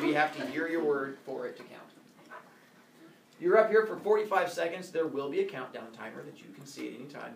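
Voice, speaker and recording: A male teacher explaining classroom rules in a playful, joking way, now and then shouting mock corrections. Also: mid-range voice, vocal fry, echoey room, recorded from a distance, a little hiss or hum. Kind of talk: classroom instructions. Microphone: phone recording from across the room.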